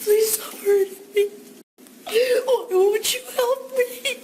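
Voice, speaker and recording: A woman's voice: very high-pitched, slow, a little mellow, slight background noise, pitched above the performer's own voice. A woman voicing a terrified orphaned baby elephant, sobbing and pleading for its mother. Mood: pleading pain.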